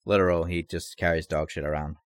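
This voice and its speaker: A man running a tabletop horror game as game master, narrating scenes in a measured, slow way. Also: deep voice, flat delivery, dry recording, studio quality.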